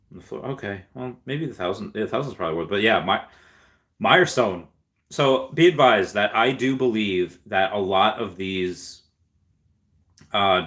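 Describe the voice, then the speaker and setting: A man hosting a casual livestream, reading viewers' chat messages aloud, thinking out loud with fillers, and sometimes jumping into high squeals of delight. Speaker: livestream host.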